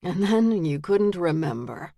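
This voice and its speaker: A woman doing a cold, soft-spoken killer cop. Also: fairly low pitch, measured pace, gravelly, no room sound, studio quality, heavily acted. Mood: cold menace. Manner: quiet, flat, menacing. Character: cold, calm murderous male detective.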